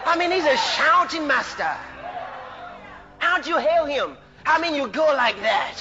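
A man preaching a sermon with passion, shouting out praise, laughing, and acting out the scripture quotes he tells. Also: extremely high pitch, expressive, takes it slowly, muffled recording, a crowd in the background, background noise.

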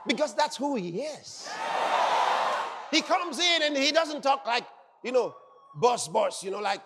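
A man preaches in a high, very lively voice, swinging up into shouted exclamations. He tells the story dramatically and takes his time. The sound rings with the long reverb of a large hall. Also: a little slow, a loud crowd, very noisy. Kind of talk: sermon.

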